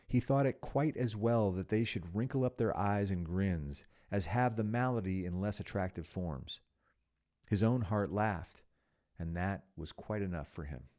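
A man narrating a classic story as a podcast host, expressive with wry asides. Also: lowish voice.

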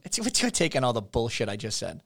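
A man's voice: mid-range voice, fast talker, creaky. A man hosting a podcast, spinning conspiracy theories in casual, profane talk. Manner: profane, animated conspiracy ranting. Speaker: podcast host.

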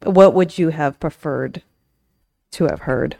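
A woman's voice: low-pitched, takes it slowly, gravelly, mellow. A woman hosting a podcast interview, asking reflective, empathetic follow-up questions. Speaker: podcast host. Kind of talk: interview conversation.

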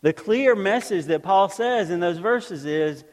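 A man's voice: high-pitched, lively intonation, unhurried, a little mellow. A man preaching a sermon to a congregation, talking in a conversational way and tossing out rhetorical questions. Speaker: pastor. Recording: long hall reverb.

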